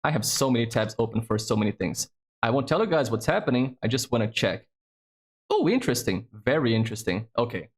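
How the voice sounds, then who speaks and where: Male host, casual stream chat, swears easily, average pitch. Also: sing-song, a little fast. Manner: chatty, swears freely, thinks aloud. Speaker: streamer hosting a trivia game.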